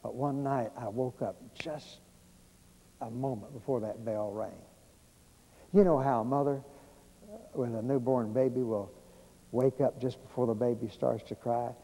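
A man preaches a storytelling sermon, folksy and unhurried, with many pauses and fillers. His voice is dark and mellow. A long church-hall reverb trails after each phrase. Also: medium pitch. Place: church sanctuary.

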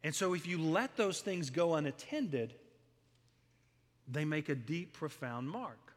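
This middle-aged pastor, preaching in a church sanctuary with a long hall echo, tells his sermon earnestly as a story and swells on emphatic lists. His slightly high voice is animated, and his pace is measured.

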